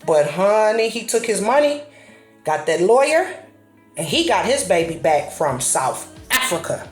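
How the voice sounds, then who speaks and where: A woman's voice: mid-range voice, measured pace. Blunt, profane woman vlogger, echoey room. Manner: blunt, profane, animated storytelling. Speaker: channel host. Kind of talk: casual commentary vlog. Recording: echoey room with faint music.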